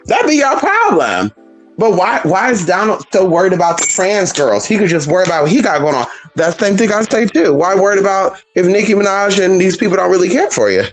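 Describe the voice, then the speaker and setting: A woman rattles off a fast vlog monologue with hardly a pause, her medium-pitched voice over faint music on poor audio. She's sassy, blunt and swears freely, calling her audience "honey" and "girl" and arguing with imaginary critics as she airs her opinions.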